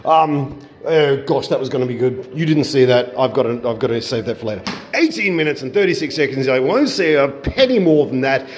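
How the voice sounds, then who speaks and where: Bawdy, rambling man hosting. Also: medium pitch. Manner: bawdy, self-mocking, chuckles at his own jokes. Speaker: host of a cooking show. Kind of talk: rambling comic monologue. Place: home kitchen.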